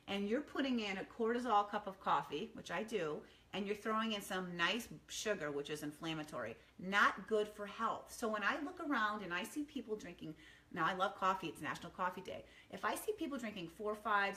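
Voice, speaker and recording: A middle-aged woman chatting casually from her quiet home kitchen, upbeat and rambling with many ums. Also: mid-range voice. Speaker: wellness vlogger. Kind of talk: casual morning chat to camera.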